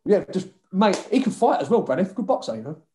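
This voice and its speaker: A man's voice: high-pitched, big pitch swings, a little fast, warm tone, reverberant, slight background noise. A man with a London accent, a former footballer telling dressing-room stories in a casual chat, swearing freely and laughing often. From London (Hackney).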